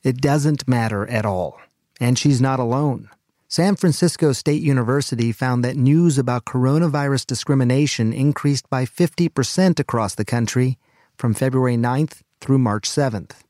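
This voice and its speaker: A man hosting a news podcast, reading a scripted narration in a calm, measured, earnest way. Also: mid-range voice, no room sound, clean studio sound. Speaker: medical correspondent and podcast host.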